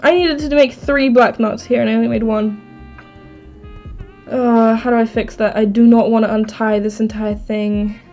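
A woman's voice: on the high side, fairly even intonation, normal speed, mellow. A woman live streaming as she crafts, chatting casually, thinking aloud and answering her chat. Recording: slightly dull stream audio, faint background music.

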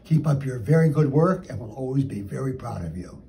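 Older relative, mellow voice, formal steady message. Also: male voice, mid-range voice, fairly quick, gravelly.

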